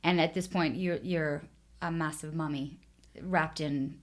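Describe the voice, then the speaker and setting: A woman hosting a podcast interview, asking gentle, probing questions. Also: low voice, steady tone, a little slow. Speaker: podcast host. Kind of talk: conversational interview.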